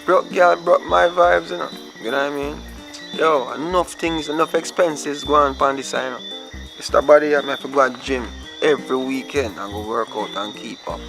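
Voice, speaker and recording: A man's voice: mid-range voice, brisk, music in the background, low-quality recording. A man with a Jamaican accent, indignantly ranting in a comedy sketch.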